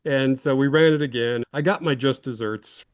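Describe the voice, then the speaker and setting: A man's voice: mid-range voice, moderate pace, clear, resonant tone, dry recording. A man in his fifties from Illinois, a former football lineman telling rambling, self-deprecating stories as an interview guest. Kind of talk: casual interview storytelling.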